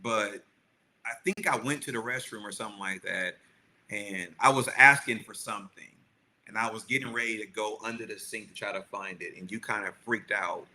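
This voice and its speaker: A man co-hosting a podcast, telling a family story in a lively, animated way and acting out the quotes. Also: on the low side, a little fast, rough recording. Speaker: podcast co-host. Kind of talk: storytelling chat.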